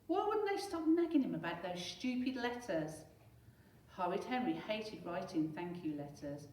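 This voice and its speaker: A teacher reading a children's storybook aloud in a lively, expressive way. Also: female voice, mid-range voice, moderate pace, distant mic, slight background noise. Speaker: primary school teacher. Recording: echoey room, away from mic.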